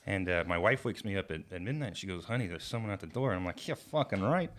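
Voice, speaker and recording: Animated, profane male storyteller. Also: sits low, fast talker. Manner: animated, profane, shouts quoted lines. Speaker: comedian workshopping a bit. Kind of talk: storytelling stand-up draft.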